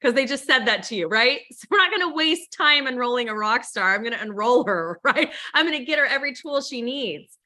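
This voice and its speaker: A woman's voice: fairly high pitch, lively intonation, brisk, hardly any pauses, pushed and bright. A woman leading a sales training over a video call, upbeat and coaching, often acting out sample phone calls. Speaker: team leader and trainer.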